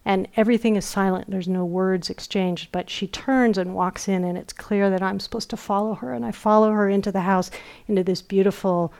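A middle-aged woman giving a dharma talk as a meditation teacher. She tells stories gently and softly, dropping at times into a near whisper. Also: mid-range voice, steady tone. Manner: slow, gentle storytelling with soft whispered asides. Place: retreat center meditation hall.

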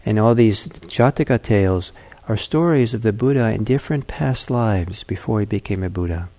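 A man, a meditation teacher, giving a dharma talk and telling a fable in a gentle, halting way. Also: fairly low pitch, animated.

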